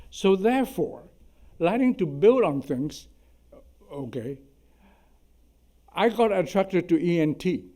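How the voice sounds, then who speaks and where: In a lecture hall, a surgeon in his eighties with a Chinese accent gives an anecdotal symposium talk, his voice warm and on the high side. He's chatty and self-deprecating as he tells humorous stories, often tagging on "okay?"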